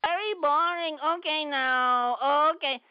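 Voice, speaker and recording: A woman's voice: sits high, measured pace, no echo. A woman putting on a broken-English foreign persona to taunt someone on a prank phone call. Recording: dull phone-line audio.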